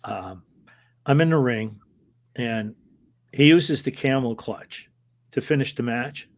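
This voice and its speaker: A man's voice: medium pitch, takes it slowly. A man, a former wrestling referee, telling anecdotes in an interview in a hesitant, rambling way and chuckling as he goes. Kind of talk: casual anecdotal storytelling.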